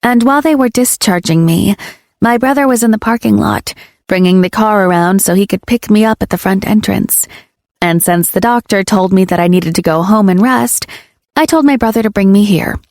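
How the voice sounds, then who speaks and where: A woman reading a first-person audiobook in an expressive, lively way. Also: medium pitch, moderate pace, dry recording, clean studio sound. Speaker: audiobook narrator.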